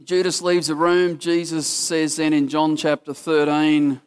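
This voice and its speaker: Aussie bloke preaching, laid-back storyteller, voice sits a bit high. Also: male voice, level tone, measured pace, clean tone. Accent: Australian. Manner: casual storytelling, acts out quoted voices. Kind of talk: sermon.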